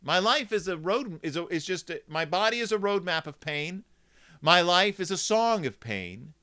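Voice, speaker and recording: A man's voice: sits high, lively intonation, moderate pace, bright, forceful tone, clear, resonant tone. A man voicing an ancient, aching male mule who complains theatrically about his pain. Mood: self-pitying.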